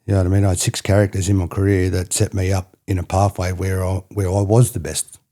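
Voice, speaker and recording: A man's voice: low voice, monotone, fast talker, warm tone. A middle-aged Australian man, a former rugby player, talking as a podcast guest in a casual, rambling way, often tagging "you know what I mean". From country New South Wales, Australia. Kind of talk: casual reflective storytelling.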